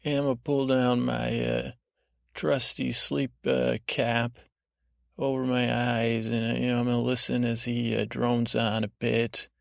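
A man hosting a podcast, talking in a meandering bedtime monologue with a lulling, drowsy tone and many halting restarts. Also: mid-range voice, completely flat delivery, vocal fry, no echo, clean studio sound. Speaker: podcast host.

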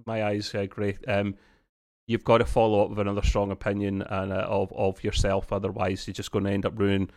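A man's voice: fairly low pitch, completely flat delivery, a little fast, darkish tone. A man co-hosting a casual podcast review of a TV episode, rambling along with many restarts and fillers and laughing often.

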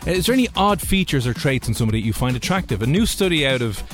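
A man's voice: mid-range voice, big pitch swings, very fast, soft background music. Teasing male radio host. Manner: teasing, jokey. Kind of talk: radio show hosting and banter. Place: radio studio.

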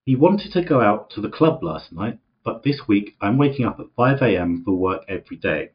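Co-hosting a podcast, a young man reads out a post in a playful way, frequently breaking into laughter. His voice is on the low side and very animated at a normal speed, though the sound is dull and lo-fi from the wrong mic.

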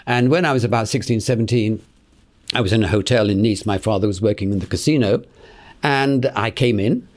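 A man's voice: on the low side, a little fast. A man, telling long personal stories as an interview guest, chuckling and repeating words as he recalls them. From England. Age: 80s. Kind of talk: anecdotal storytelling in conversation.

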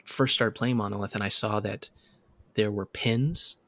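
A man co-hosting a podcast, telling stories in a casual, animated way with lots of restarts and laughs. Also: on the low side, a little slow, dry recording. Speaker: podcast co-host. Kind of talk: casual chat.

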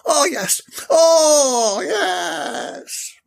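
A man voicing a flirty, pushy Irish saleswoman in a high falsetto with a gravelly edge. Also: huge pitch swings, fairly quick, no room sound, clean studio sound, heavily acted. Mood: shrieking. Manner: high put-on falsetto, wheedling.

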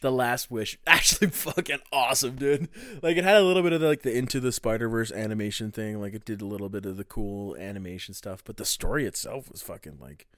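Bright-voiced man, loud profane podcast banter. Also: lowish voice, fast talker, no echo, studio quality. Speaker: podcast co-host. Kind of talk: casual chat.

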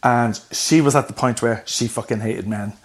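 A middle-aged man telling his life story candidly in an interview, animated and swearing freely. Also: mid-range voice, normal speed. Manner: animated, swears freely, acts out voices in anecdotes. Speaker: guest.

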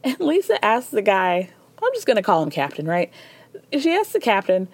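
A woman's voice: mid-range voice, big pitch swings, brisk, darkish tone, dry recording. A woman hosting a podcast, chatting casually through a reality TV recap, laughing often and acting out quotes. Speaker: podcast host.

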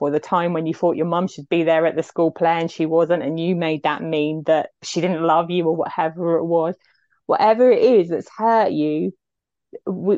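A woman's voice: fairly low pitch, a little mellow, dry recording, muffled recording. A woman, telling a personal story as an interview guest, heartfelt and reflective.

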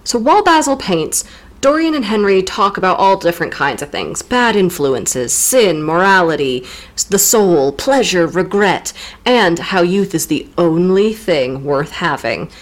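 Woman, podcast co-host, lowish voice with lively swings, playful teasing book recap. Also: unhurried. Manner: playful, teasing, deadpan jokes. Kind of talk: casual literary recap chat.

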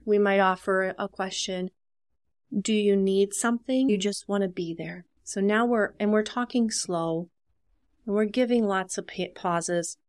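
A woman's voice: medium pitch, no echo, studio quality. A woman with an Upper Midwest American accent, a dementia care professional, earnestly explaining caregiving tips in a podcast interview and acting out short example dialogues. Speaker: dementia care business owner and social worker.

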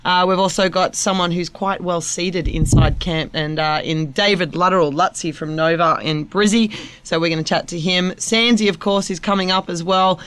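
A woman hosting a sports podcast, leading the banter in a brisk, casual way. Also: on the low side, fairly even intonation, fairly bright tone, clear, resonant tone, dry recording. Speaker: podcast host. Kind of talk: casual chat.

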